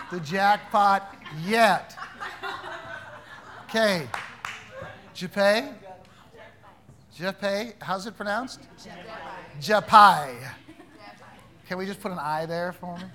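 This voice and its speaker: A man's voice: sits high, fairly bright tone, a little hiss or hum. A man teaching an interactive Bible class, quizzing his students in a playful, teasing way.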